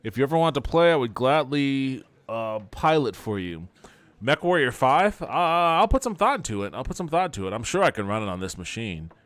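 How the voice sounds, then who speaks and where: A man's voice: mid-range voice, big pitch swings, brisk, fairly bright tone. A man hosting a podcast, casually commenting on a video game and reading its text aloud with wry asides.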